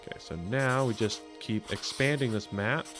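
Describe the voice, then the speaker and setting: A medium-pitched man speaking at normal speed provides live gameplay commentary over faint game music. He rambles and reasons aloud with plenty of fillers, dropping chatty, self-deprecating comments for viewers.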